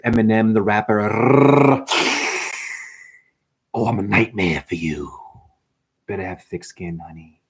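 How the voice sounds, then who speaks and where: A man giving a confrontational, preachy monologue as a spiritual teacher, calling the listener honey. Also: fairly low pitch. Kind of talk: ranting monologue.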